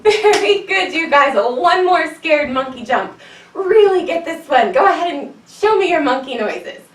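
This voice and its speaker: A high, lively woman's voice leads children through yoga poses as she tells an animal story. Her delivery is playful and sing-song. She sounds a little distant, in an echoey room. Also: a little slow. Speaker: kids yoga teacher.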